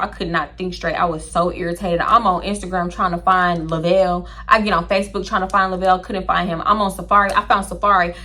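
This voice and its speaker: A young woman telling a story in a casual, animated way, acting out each side of the conversations. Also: medium pitch. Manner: animated, acts out both sides of conversations. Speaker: storytime vlogger.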